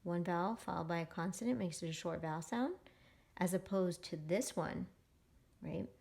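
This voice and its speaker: A woman teaching a phonics lesson to young readers. She is patient and encouraging, and she sounds out words slowly for the children to repeat. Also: on the low side, vocal fry, a little mellow. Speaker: reading teacher.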